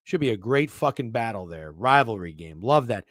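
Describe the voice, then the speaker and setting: A man hosting a sports betting show, talking casually, swearing freely and swinging from hushed asides to loud bursts. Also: on the low side, animated, moderate pace, few pauses, no echo, studio quality. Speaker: sports betting podcast host.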